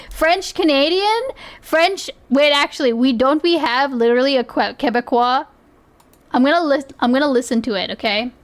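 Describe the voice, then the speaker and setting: A woman's voice: sits high, normal speed. A young woman streaming, chatting casually as she reacts to clips, laughing often and asking "okay?" a lot.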